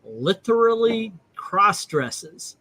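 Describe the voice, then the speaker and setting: A man's voice: sits high, big pitch swings, extremely slow, pushed and bright. A man hosting a casual comic book chat, laughing often and reading panels aloud. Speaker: comic book channel host.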